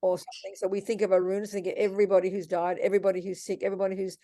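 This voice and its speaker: A woman's voice: mid-range voice, level tone, very fast, mellow, no room sound. An older woman, a Buddhist nun, teaching in a question-and-answer session, blunt and scolding but calling people darling.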